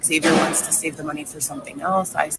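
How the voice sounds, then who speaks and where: A woman's voice: deep voice, fairly even intonation, quick pace, vocal fry, heavy background noise. A young pregnant woman rambling effusively in an emotional thank-you video. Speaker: streamer filmed in a played clip.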